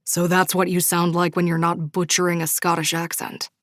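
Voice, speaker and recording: A woman voicing a gruff, arrogant young man who speaks curtly and scornfully, in an audiobook. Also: fairly low pitch, completely flat delivery, moderate pace, no echo, studio quality, close to an everyday voice. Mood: irritated. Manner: curt and scornful. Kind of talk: audiobook character voice.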